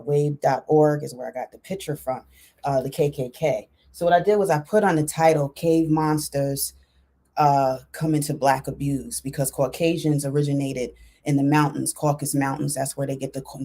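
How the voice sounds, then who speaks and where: A woman's voice: rumbling low, fairly even intonation, moderate pace, vocal fry, dark tone. A woman hosting a casual livestream on her computer, chatting directly to her viewers with many fillers and restarts. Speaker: livestream host. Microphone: computer mic.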